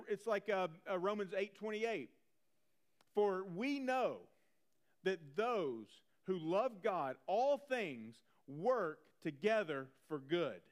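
A man preaching a sermon in a conversational way, animated and repeating phrases for emphasis. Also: high voice. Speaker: pastor.

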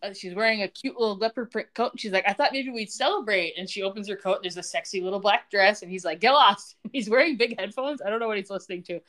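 A woman's voice: medium pitch, quick pace, hardly any pauses. A woman co-hosting a casual podcast, recapping a TV soap and acting out the characters' lines with laughter. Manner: animated, acts out quoted lines with laughs.

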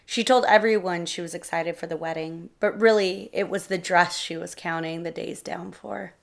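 Female narrator, lower register, steady storytelling read. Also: normal speed, creaky.

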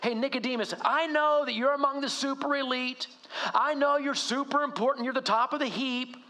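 A man's voice: very high-pitched, fairly even intonation, fairly quick, bright, forceful tone, voice pushed up. A preacher voicing Jesus, who addresses a powerful man directly in a teasing, blunt way. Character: Jesus, a direct and bold male teacher.

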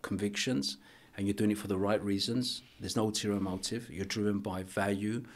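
A middle-aged man, a guest on a podcast interview, telling a personal story in an earnest, halting way with many restarts. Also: fairly low pitch, fairly even intonation, a little hiss or hum. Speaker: archbishop and boxing coach, guest.

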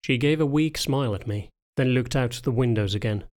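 A man reading a novel aloud as a first-person audiobook narrator, in a calm, measured way. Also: mid-range voice.

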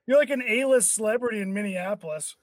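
A young man hosting a podcast, telling stories in an animated way, swearing and acting out quotes. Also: sits high, fast talker, dry recording. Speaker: podcast host. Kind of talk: casual chat.

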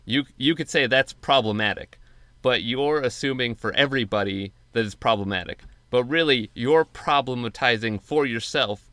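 A man's voice: medium pitch, moderate pace, pushed and bright, no echo. A man co-hosting a podcast in casual chat, laid-back and patiently explaining things. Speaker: podcast co-host.

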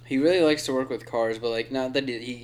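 Relaxed young man, hesitant podcast chat. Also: medium pitch, quick pace. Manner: relaxed, hesitant, many fillers. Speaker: podcast co-host.

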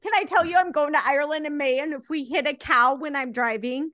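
A woman in her forties co-hosting a casual movie review chat, animated and quick to do mock voices when quoting. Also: high voice, a crowd in the background. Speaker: podcast co-host.

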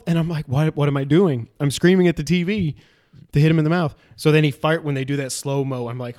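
A man's voice: on the high side, fairly quick. A man in casual chat, recapping a show and acting out its scenes in a raised voice. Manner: animated retelling, acts out scenes in a raised voice.

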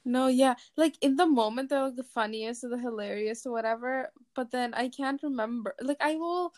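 A woman's voice: high-pitched, moderate pace, a little mellow. A woman guest on a podcast, chatting casually and reacting with laughter. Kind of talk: casual chat.

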